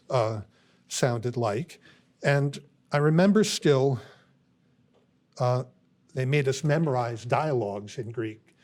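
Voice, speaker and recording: An older man giving a university lecture in a thoughtful, unhurried way, often pausing with fillers. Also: mid-range voice, a little mellow. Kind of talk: classroom lecture.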